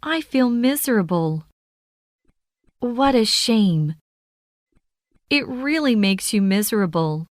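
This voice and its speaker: A woman reading practice phrases steadily and deliberately for language learners. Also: on the high side, animated, no echo, clean studio sound. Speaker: phrase reader.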